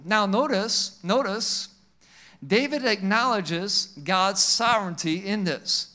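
A male pastor preaching a sermon with call-and-response amens, swinging between emphatic and quiet passages. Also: high voice, slow.

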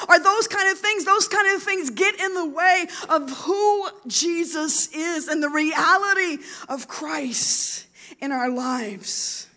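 A woman's voice: extremely high pitch, sharp tone. A woman in her forties preaching an earnest, emotional sermon, her voice swelling and dropping. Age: 40s.

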